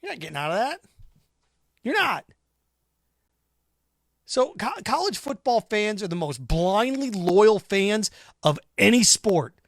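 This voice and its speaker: High-voiced, combative sports talk host. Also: male voice, very animated, unhurried, pauses often, no room sound, clean studio sound. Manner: combative, sarcastic, mocks imagined callers in put-on voices. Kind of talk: opinionated sports talk monologue.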